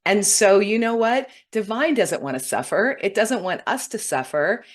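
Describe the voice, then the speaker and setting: A woman's voice: medium pitch, expressive, normal speed. A middle-aged woman hosting a spiritual talk, speaking earnestly and getting emotional when moved. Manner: earnest, warm-hearted, often tearful when moved. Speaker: spiritual teacher hosting a weekly broadcast. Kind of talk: heartfelt spiritual talk to viewers.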